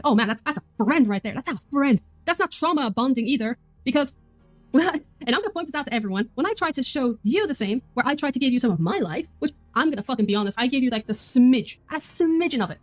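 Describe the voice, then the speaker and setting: A woman's voice: high voice, lively intonation, fast, no room sound, soft background music. A woman on a group voice call, blunt and confrontational, laying out her case sarcastically. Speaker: caller confronting another.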